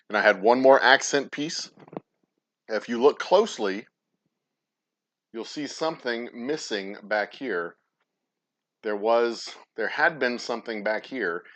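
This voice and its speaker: A man's voice: on the low side, lo-fi sound. A man hosting a distillery livestream, rambling casually, cursing and stumbling over his words. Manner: rambling, profane, stumbles and restarts often. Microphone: plugged-in mic at the desk.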